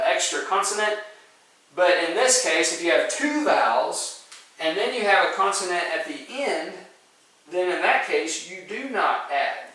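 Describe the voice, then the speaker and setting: Male teacher, patient and methodical, bright forward tone, captured from a distance in a heavily echoing room. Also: high-pitched, a little hiss or hum. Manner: patient, explains step by step with frequent "okay?" and "right?" checks. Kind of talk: spelling lesson to students. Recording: very echoey room, voice from far off the mic.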